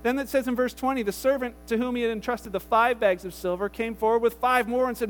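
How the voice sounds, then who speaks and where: A man pastor preaches in a relaxed, conversational way, weaving casual asides into his retelling. His voice sits very high for a man, and he keeps the story lively. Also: quick pace, hardly any pauses, long reverb tail. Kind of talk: conversational sermon.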